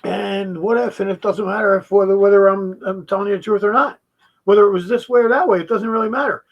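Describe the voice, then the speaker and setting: A man's voice: sits high, fairly even intonation, fast, highs cut off. A man giving a heated, profane reaction commentary, mocking the video he is watching.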